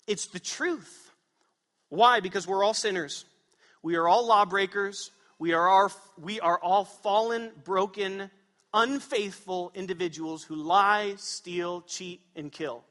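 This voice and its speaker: A man's voice: high-pitched, a little slow, a bit bright, long reverb tail. A man preaching a sermon as pastor to his congregation, emphatic, asking them questions. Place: church sanctuary.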